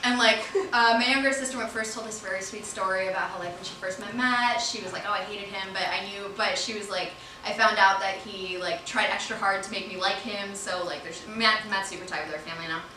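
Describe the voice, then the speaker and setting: Woman stand-up comic, bright and loose, profane; live club mic, roomy and a bit distant. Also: mid-range voice, fairly even intonation, a little hiss or hum. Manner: casual, profane, swings from quick mumbles to loud laughing outbursts. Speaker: stand-up comedian. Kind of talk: stand-up comedy set. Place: comedy club stage.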